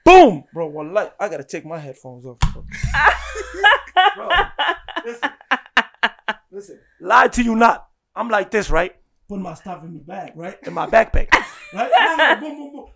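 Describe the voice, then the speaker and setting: Lively storytelling young man. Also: high-pitched, a little slow, creaky, pauses often. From Guinea. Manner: animated, laughing storyteller who keeps asking "right?". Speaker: podcast guest. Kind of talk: casual storytelling.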